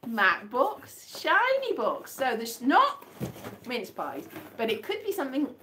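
A woman's voice: a little high, big pitch swings, slow pace, sharp tone, a little hiss or hum. A woman from the UK chatting casually in a vlog, rambling and amused with herself as she guesses mystery items by touch. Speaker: vlogger.

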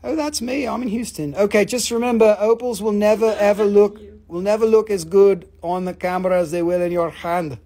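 Woman, husky voice, excitable, profane, live sales host, rapid countdowns. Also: medium pitch. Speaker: live-stream rock and mineral seller. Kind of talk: live online sales show.

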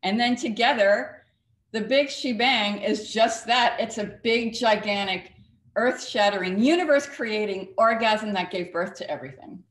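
A woman's voice: mid-range voice, normal speed. A woman author and cartoonist being interviewed on a talk show, talking emphatically with a storyteller's flair. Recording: echoey studio room.

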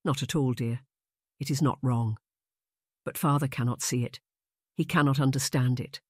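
A woman's voice: very deep voice, fairly even intonation, moderate pace, dry recording, studio quality. A woman voicing a spirited older sister. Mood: soothing. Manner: gentle, then indignant. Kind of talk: audiobook character reading.

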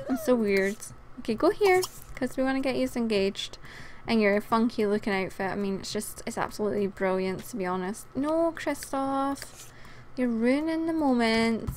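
A woman's voice: medium pitch, a little hiss or hum. A woman hosting a casual let's play, chatting and giggling as she talks to the game characters, sounding tired. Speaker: gaming channel host.

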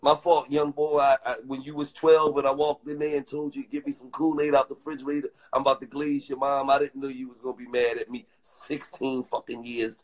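A middle-aged man telling crude stories casually on a live stream, animated and profane, acting out both sides of his arguments. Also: mid-range voice, brisk, few pauses, lo-fi sound.

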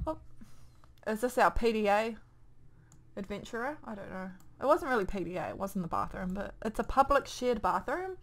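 A woman's voice: medium pitch, lively intonation, brisk. A young woman with a New Zealand accent rambling casually through gameplay commentary into a desk microphone at home, muttering to herself as she goes. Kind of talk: casual let's play commentary.

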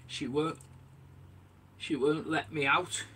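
A man's voice: a little high, fairly even intonation, takes it slowly, pushed and bright, a little hiss or hum. A man streaming live from his bait shack, chatting casually, calling viewers mate and answering the live chat as he works. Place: small bait and tackle shack, indoors.

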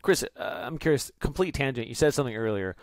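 A man who is a business founder, talking as a podcast guest in a chatty, animated way. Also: mid-range voice, fast, no room sound. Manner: chatty, animated, with fillers and restarts. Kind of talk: casual podcast conversation.

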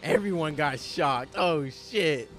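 A young man streaming live reactions to basketball highlights, blurting out groans and exclamations in casual, slangy, profane banter. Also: animated, takes it slowly, fairly bright tone, faint music behind.

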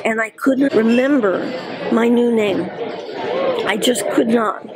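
A woman in her nineties recalling her early career in a lively storytelling way, often laughing as she talks. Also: a little high, slow, a crowd in the background, noisy background. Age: 90s. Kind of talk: storytelling reminiscence.

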